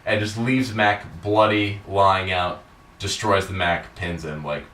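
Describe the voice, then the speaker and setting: Rambling man with a bright, echoey sound. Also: low-pitched, fairly even intonation, takes it slowly, slight background noise. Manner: rambling, filler-heavy, profane. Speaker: podcast host. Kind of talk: casual recap chat. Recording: echoey room, distant mic.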